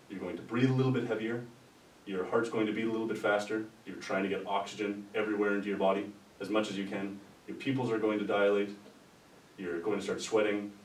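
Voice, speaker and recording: A man with a fairly low voice lectures loosely, circling back with asides and restarts. He is picked up from across an echoey room. A faint rumble sits underneath. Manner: rambling, conversational, with restarts and asides. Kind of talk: informal lecture. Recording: roomy sound from a distant mic with faint rumble.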